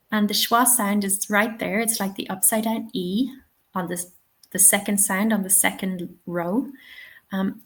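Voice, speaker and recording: Woman trainer, webinar Q&A host, unhurried and patient. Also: mid-range voice, a bit bright. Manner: slow, patient, explains with spoken examples. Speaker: English teaching trainer. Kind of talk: live webinar Q&A.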